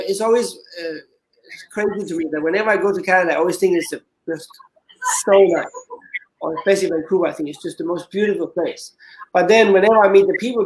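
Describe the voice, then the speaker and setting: Danish-accented male dance coach, fairly high voice, snappy then thoughtful in interview. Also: a little hiss or hum, poor audio. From Denmark. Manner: short snappy answers, reflective when he opens up. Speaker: dance coach and judge, guest. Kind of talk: casual interview.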